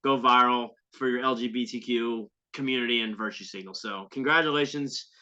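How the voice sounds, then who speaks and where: Man ranting, bright edgy lo-fi voice. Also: mid-range voice, steady tone, a little fast. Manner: heated, profane, sarcastic. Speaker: podcast host. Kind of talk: ranting commentary on a viral clip. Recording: dull lo-fi sound.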